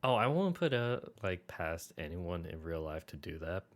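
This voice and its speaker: Deep-voiced man rambling through ideas. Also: sing-song, normal speed. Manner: rambling, filler-heavy, trailing off. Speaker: podcast co-host. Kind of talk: casual brainstorming chat.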